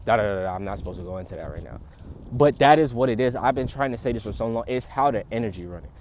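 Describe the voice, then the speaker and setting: A young man livestreaming outdoors, talking in a casual, rambling, profane and animated way, often laughing. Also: mid-range voice, fast, a little hiss or hum. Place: outdoors in a city.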